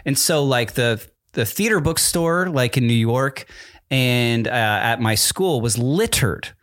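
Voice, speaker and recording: A man with an average-pitched voice rambles through a casual story. He leans on fillers and restarts his sentences often. The sound is dry and close to the mic. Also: lively intonation, slow, a bit bright, dry recording. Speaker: actor. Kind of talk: casual chat.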